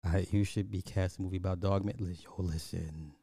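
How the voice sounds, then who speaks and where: A man giving a blunt, animated movie review in casual chat, talking straight to his viewers. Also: sits low, a little fast, gravelly, husky, no room sound, studio quality.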